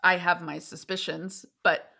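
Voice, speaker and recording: A woman in her thirties, a therapist and podcast co-host, chatting casually and animated when she tells a story. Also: on the low side, unhurried, creaky.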